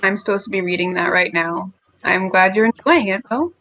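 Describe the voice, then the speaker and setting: A woman's voice: medium pitch, brisk, dry recording, muffled recording. Chatty young woman joking about herself. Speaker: guest reader on a stream. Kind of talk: casual chat.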